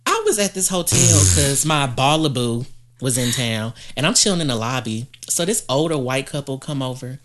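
A man co-hosting a podcast, chatting casually and telling profane, animated stories. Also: mid-range voice, normal speed. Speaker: podcast co-host. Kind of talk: casual chat.

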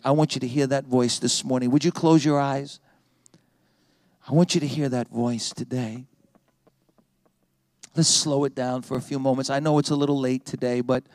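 Gravelly pastor, man, preaching and hushing. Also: medium pitch, dry recording. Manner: emphatic, slows to a hush for prayer. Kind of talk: sermon.

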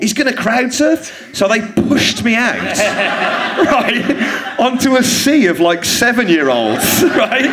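A man's voice: sits high, noisy background. A man, a comedian guest, telling comic anecdotes on a theatre stage and laughing through his stories. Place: theatre stage before a live audience. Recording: live theatre audience laughter. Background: audience laughter.

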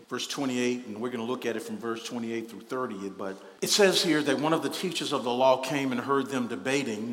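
A male pastor preaching a sermon, moving between quiet teaching and loud, spontaneous outbursts of praise, laughing and calling on the congregation to respond. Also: mid-range voice. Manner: swings from soft teaching to shouted, spontaneous praise; laughs often and calls out to the congregation. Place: church sanctuary. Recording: echoey hall, long reverb.

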